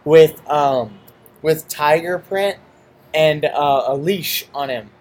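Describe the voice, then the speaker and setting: A young man co-hosting a casual chat, telling stories in a profane, animated way and acting out quotes. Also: fairly high pitch, slow pace. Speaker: podcast co-host.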